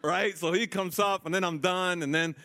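A man preaching a sermon, telling a story with lively voices for the people in it and often checking in with his listeners. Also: sits high, moderate pace. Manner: animated storytelling, acting out quoted people.

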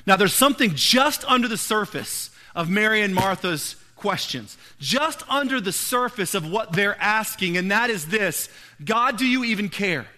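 A man preaching a sermon, earnestly building to pointed rhetorical questions and then falling to a hushed, quiet delivery. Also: high-pitched, expressive, normal speed, few pauses. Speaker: pastor.

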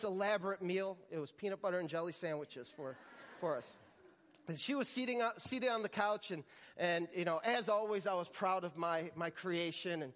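A man's voice: sits high, big-room sound. A man preaching a sermon as pastor, telling a story with frequent restarts and repeated words.

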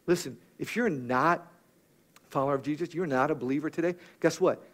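Emphatic male preacher, fairly high voice. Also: a little fast, a bit bright. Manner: rhythmic, emphatic preaching with direct appeals to listeners. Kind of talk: sermon.

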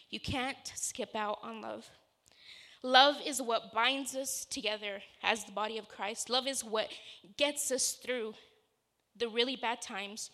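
In a sermon, a woman with a bright, forceful, slightly high voice speaks earnestly and conversationally. She moves from a personal story into scripture.

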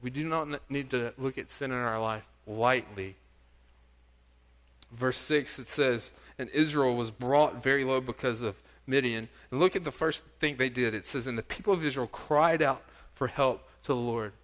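A man's voice: medium pitch, normal speed, fairly bright tone. A man preaching a sermon, reading scripture aloud and earnestly urging his listeners. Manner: reads scripture then exhorts, pleading and earnest.

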